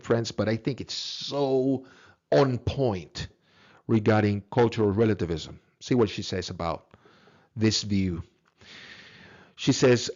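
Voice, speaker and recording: A man's voice: lowish voice, muffled recording. A man giving a recorded philosophy lecture in an earnest, emphatic way, repeating words and asking rhetorical questions.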